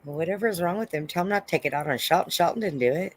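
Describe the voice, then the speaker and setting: A woman's voice: on the low side, animated, racing, a little mellow. Teasing woman podcast co-host. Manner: teasing, laughs often. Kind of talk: casual banter.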